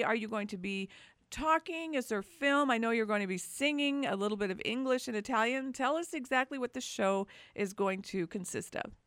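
A woman's voice: on the high side, a bit bright, clean tone, no room sound, studio quality. A woman hosting a radio talk show, chatty and upbeat. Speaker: radio host.

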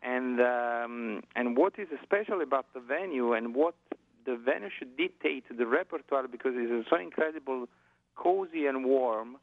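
A man from Italy with an Italian accent, a guest singer talking on the phone in halting English with many fillers. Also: mid-range voice, animated. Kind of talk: phone interview. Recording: tinny phone line.

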